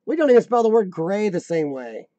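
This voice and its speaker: A man's voice: sits high, sing-song, brisk, warm tone, no echo, dull audio. An American man hosting a live stream, rambling casually and joking to his viewers. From United States.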